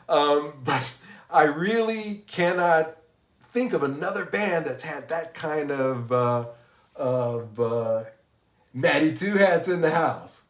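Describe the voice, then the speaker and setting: A man's voice: a little high, echoey room. A man hosting a casual live stream about music, rambling with many restarts, sounding unwell and tired. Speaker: livestream host.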